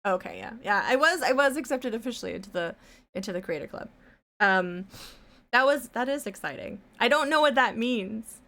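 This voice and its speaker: A woman's voice: on the high side, expressive, normal speed, bright, forceful tone. A woman live-streaming her art, chatting casually and rambling, with some casual swearing and humming to herself as she draws. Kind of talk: casual chat while drawing on stream.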